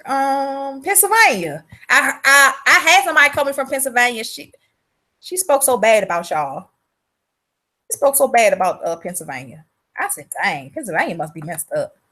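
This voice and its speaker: Bright, high-voiced woman chatting bluntly. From South Carolina. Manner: blunt, profane, chatty, greets viewers by name. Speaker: livestream host selling womb-care products. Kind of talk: casual livestream chat.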